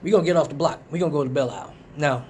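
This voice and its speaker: A man's voice: very fast, a little hiss or hum. A man telling a profane story on a live stream, acting out quotes. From Detroit. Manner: animated, profane, acts out quotes in a higher voice. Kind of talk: casual storytelling.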